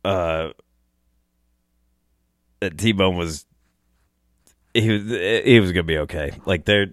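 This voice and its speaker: A young man from the hunting world speaks slowly in a low voice, choked up and nearly crying as he tells an emotional story about a friend. He swears and laughs through his tears. It's a dry, studio-quality recording.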